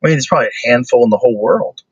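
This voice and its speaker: A male podcast host in casual chat, quickly jumping in with questions and agreement. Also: mid-range voice, lively intonation, breathy edge, dry recording. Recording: dull lo-fi recording.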